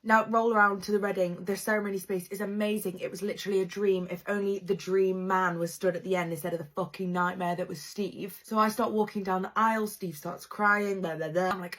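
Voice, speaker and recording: A woman's voice: mid-range voice, steady tone, normal speed, a bit bright. A young woman narrates a storytime tale with plenty of drama. She is chatty and speaks straight to her viewers. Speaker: storytime creator.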